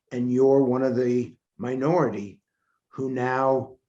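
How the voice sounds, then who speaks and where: Flat-voiced pollster on a video call. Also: male voice, mid-range voice, dull audio.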